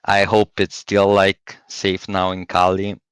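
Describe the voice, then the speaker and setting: A man with a slightly low voice asks his last question and chats with a friend in a warm, affectionate way. He sounds close and dry. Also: monotone, slow, clean tone, no echo. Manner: warm, affectionate, laughs a lot. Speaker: interviewer asking questions. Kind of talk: casual chat.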